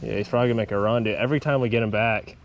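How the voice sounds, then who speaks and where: A young man hosting an outdoor fishing vlog by a small creek, excitable and quick to laugh, calling out catches as they happen. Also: fairly low pitch, highs cut off, a little hiss or hum. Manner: excitable, laughs often, says dude. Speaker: fishing channel host.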